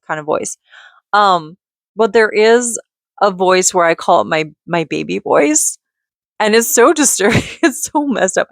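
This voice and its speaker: Woman, thirties, mom vlogger; gravelly, chatty, meandering, lots of fillers, dry sound. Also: lowish voice, fairly bright tone, no room sound. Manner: rambling with many restarts and filler "like". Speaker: vlogger and mother. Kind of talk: casual rambling vlog chat.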